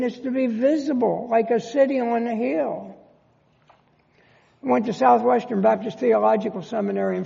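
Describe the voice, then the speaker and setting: Pastor, male, slow emphatic sermon delivery, high gravelly voice. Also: darkish tone. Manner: emphatic preaching with rhetorical questions. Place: church sanctuary. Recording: long church reverb, dull lo-fi sound.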